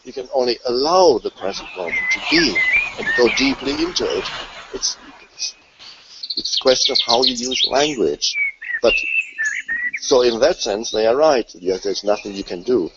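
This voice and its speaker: A man giving a reflective spiritual talk, measured and contemplative with pauses. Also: medium pitch, animated. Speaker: spiritual teacher. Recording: lo-fi, with loud background noise.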